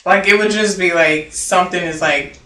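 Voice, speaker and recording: A young woman of Haitian origin telling a personal story in casual, animated talk, full of fillers and quoted dialogue. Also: fairly low pitch, normal speed. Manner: animated, filler-heavy, quoting herself and others. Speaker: interview guest. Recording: roomy echo, distant mic, faint noise.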